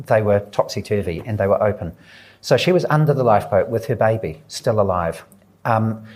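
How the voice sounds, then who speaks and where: A man, an author telling a story at a live book event, earnest and unhurried, voicing the people he quotes. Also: medium pitch, darkish tone. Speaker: author guest at a book talk. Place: live audience event indoors.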